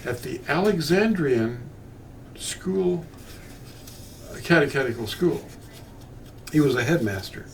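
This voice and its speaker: An older man teaching about scripture in a meandering, unscripted way, often restarting his sentences. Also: mid-range voice. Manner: meandering, with frequent restarts and asides. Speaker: bible teacher. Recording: distant mic with faint ambient noise.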